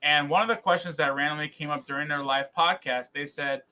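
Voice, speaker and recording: A man co-hosting a podcast in casual chat, rambling and animated, with many fillers and restarts. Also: fairly high pitch, a little fast. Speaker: podcast co-host.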